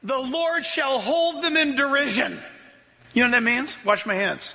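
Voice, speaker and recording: A man preaching a sermon as a pastor, excitable, often laughing and rising to shouts as he reads scripture. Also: very high voice, measured pace, vocal fry, big-room sound.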